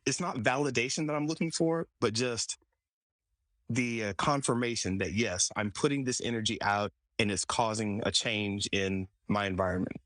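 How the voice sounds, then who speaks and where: A man hosting a podcast, telling a personal story in a relaxed conversational way, often restarting and quoting himself. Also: fairly low pitch, no echo. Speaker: podcast host. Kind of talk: casual conversation.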